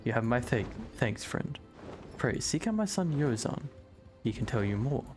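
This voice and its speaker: A man's voice: mid-range voice, very animated, normal speed, a little mellow, close to an everyday voice. A man voicing a dignified, formal adult male warrior, reading game dialogue in courtly phrasing over faint music. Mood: courteous.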